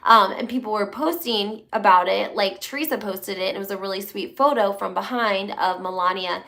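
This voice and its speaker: A woman's voice: medium pitch, normal speed, creaky, bright, forceful tone. A woman hosting a casual reality TV gossip chat, talking in a rambling way with many fillers. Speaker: host.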